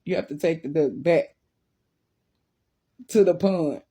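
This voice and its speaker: A woman voicing a gentle but firm bus driver in a story. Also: low voice, takes it slowly, breathy edge, full character voice. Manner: calm, firm.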